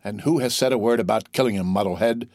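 A man's voice: lowish voice, quick pace, a little mellow, no echo, clean studio sound, natural voice. A man voicing a scheming, envious male ship's clerk who speaks slyly and persuasively, in a storybook reading. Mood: smooth scheming. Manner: sly, persuasive, mock-innocent.

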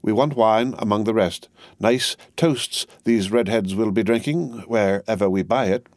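A man's voice: fairly low pitch, unhurried, darkish tone, dry recording, clean studio sound. A man reading an audiobook, voicing a brusque, fiercely patriotic middle-aged Englishwoman with a fussy, emphatic manner. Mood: brisk, emphatic. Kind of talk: audiobook character voice.

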